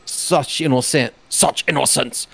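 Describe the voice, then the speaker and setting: A man voicing a cranky, hostile elderly Dutch neighbor in a mock German accent, scolding loudly during a game playthrough. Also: mid-range voice, measured pace, creaky, husky, exaggerated voice. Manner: scolding, loud. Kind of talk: let's play voice acting.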